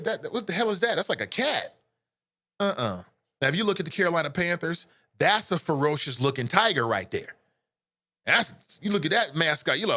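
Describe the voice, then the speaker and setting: A man hosting a live call-in radio show, chatting with listeners in an animated, joking way that turns earnest. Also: fairly high pitch, brisk, no echo, studio quality. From United States.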